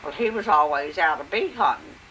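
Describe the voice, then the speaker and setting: An older woman telling a family story in an oral history interview, in a plain, unhurried way with frequent pauses and "and, uh". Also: low voice, lively intonation, pushed and bright, a little hiss or hum, rough recording.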